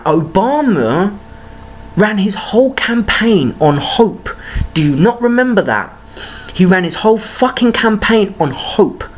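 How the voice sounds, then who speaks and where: A woman ranting to camera in a heated, profane monologue full of rhetorical questions. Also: medium pitch. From United Kingdom. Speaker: vlogger.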